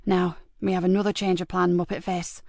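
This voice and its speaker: A woman's voice: little pitch movement, a little fast, creaky, a little mellow, dry recording, clean studio sound. Woman doing a menacing older teen boy. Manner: low, clipped and menacing. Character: older teenage boy, hard and impatient.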